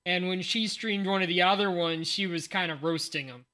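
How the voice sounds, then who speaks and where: A streamer in his forties, still sounding sleepy from the morning, rambles casually while unboxing cards on a livestream, thinking aloud and joking at his own expense. His voice sits high and sounds pushed and bright, with a steady tone at normal speed.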